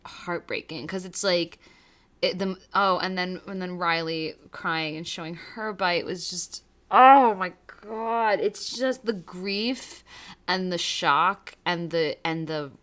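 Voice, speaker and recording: A woman's voice: on the low side, slow pace, a bit bright. A young woman co-hosting a podcast, recapping a TV episode in casual chat, emotional and rambling, swearing freely. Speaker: podcast co-host.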